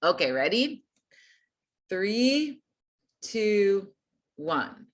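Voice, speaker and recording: A woman's voice: mid-range voice, very animated, very slow. Encouraging woman leading a voice lesson. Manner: friendly, encouraging, casual. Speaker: singing teacher. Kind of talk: online group voice lesson.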